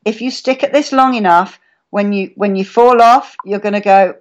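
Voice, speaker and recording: A woman talks in a chatty, storytelling way and slips into little acted-out voices of her own reactions. Her voice sits at an ordinary middle pitch for a woman. The audio is slightly muffled and lo-fi. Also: normal speed. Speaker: guest speaker. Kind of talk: casual live-stream chat.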